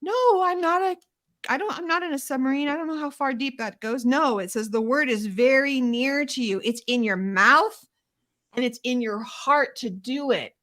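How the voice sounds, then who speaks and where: With a high-pitched, fairly bright voice at a moderate pace, a middle-aged woman hosts a Torah study show's casual faith discussion. She chats in a self-deprecating way and performs small prayers and bits of inner dialogue along the way.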